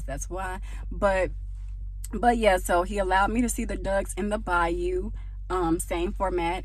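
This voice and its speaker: A slightly rough, darkish, fairly low-pitched woman's voice carries a casual faith vlog recorded on a phone outdoors at her parents' home. She rambles with asides and calls her viewers y'all.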